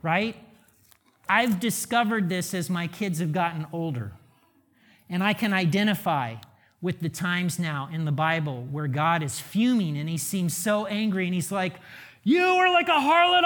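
A man's voice: high voice, fairly bright tone. A middle-aged man, a pastor and father, preaching a conversational sermon full of rhetorical questions.

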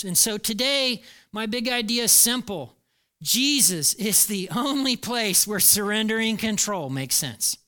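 A man's voice: high-pitched, sharp tone. A middle-aged male pastor preaching a conversational sermon, repeating key phrases for emphasis.

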